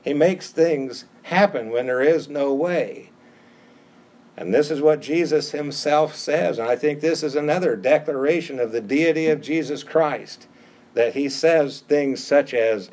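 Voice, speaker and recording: A man's voice: fairly high pitch, unhurried, darkish tone. Emphatic male pastor preaching a sermon. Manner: emphatic, repeats key phrases; conversational asides.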